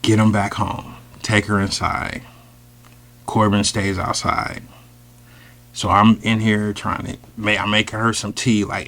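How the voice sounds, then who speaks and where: A man telling a personal story in a casual, animated, slangy way, with sudden loud outbursts. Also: fairly low pitch, a little slow, creaky. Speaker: storyteller host.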